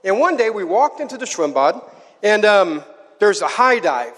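A man preaching to a live audience, telling a story with animated energy and getting the crowd to join in. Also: high voice, moderate pace. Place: large hall. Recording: hall with long reverb.

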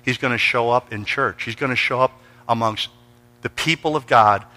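A man's voice: medium pitch, normal speed, bright, forceful tone, in a large hall. A man preaching a sermon, telling stories and acting out voices and sounds. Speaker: pastor. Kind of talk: sermon with storytelling.

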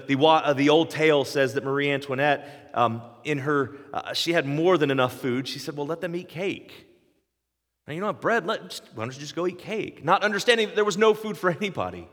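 A man's voice: mid-range voice, a bit bright, long reverb tail. A man in his forties preaching a sermon, earnest and emphatic, building up with repeated phrases. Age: 40s. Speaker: pastor.

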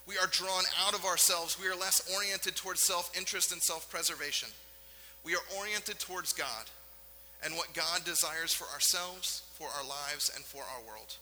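A male pastor preaching a sermon in a church, earnest and emphatic, with dramatic pauses. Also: a little high, sharp tone, in a large hall, rough recording. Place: church sanctuary.

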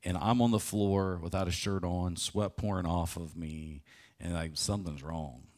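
A man's voice: low voice, steady tone, normal speed, darkish tone. A man preaching a sermon, telling a personal story vividly and often restarting his phrases. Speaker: pastor. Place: church sanctuary.

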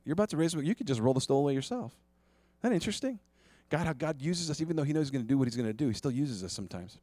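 Man, pastor, mid-pitched voice, animated sermon delivery, dry room. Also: no echo. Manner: conversational, animated preaching with rhetorical questions.

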